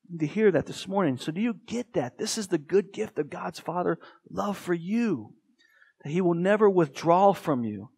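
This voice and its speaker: A man's voice: sits high, animated, moderate pace, gravelly, darkish tone, husky. A man with an American accent preaching a sermon as pastor, earnest and emphatic. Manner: earnest, emphatic, with dramatic quoted voices.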